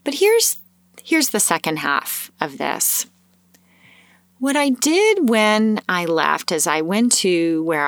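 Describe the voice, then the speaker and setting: Animated lowish-voiced woman telling a story. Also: no echo, clean studio sound. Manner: animated, acts out her own thoughts in a higher voice. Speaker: host sharing a personal story. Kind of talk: casual storytelling.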